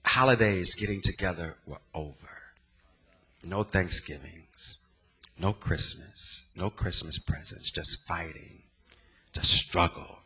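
Bay area guy preaching his life story, husky voice, hits hard, slangy and dramatic. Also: low-pitched, slow pace, pushed and bright. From San Francisco Bay Area. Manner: dramatic, emotional storytelling with plain street slang. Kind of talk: personal testimony sermon.

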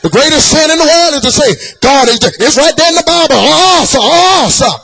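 A man's voice: very high voice, expressive, normal speed, gravelly, fairly bright tone, pitched above the performer's own voice, heavily acted. Man mimicking a pompous old churchman. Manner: drawling, repeats "ah, son". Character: pompous elderly churchman lecturing a teen.

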